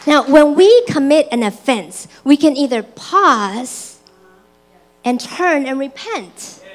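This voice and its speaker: A woman preaching a sermon in a church, slow and deliberate, who acts out her own excited and angry voice in personal stories. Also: sits high.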